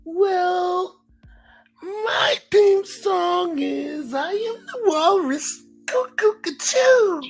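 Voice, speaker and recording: Flighty male greeter, very high squeaky voice, slow drawn-out sing-song, cooing. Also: lively intonation, vocal fry, soft background music, exaggerated voice. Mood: giddy.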